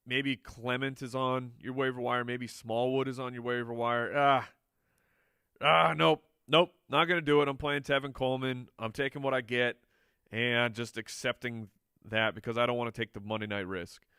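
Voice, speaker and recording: A man's voice: mid-range voice, flat delivery, moderate pace, a bit bright, clear, resonant tone, dry recording, clean studio sound. A man answering viewer questions on a live show in a playful, chatty way, joking with the crew and laughing often. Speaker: fantasy football analyst answering viewer questions. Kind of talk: casual live Q&A.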